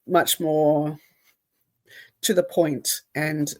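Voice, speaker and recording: A middle-aged woman co-hosting a casual podcast, speaking in a low, unhurried voice. She talks in a reflective, measured way and laughs softly now and then. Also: level tone. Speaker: podcast co-host.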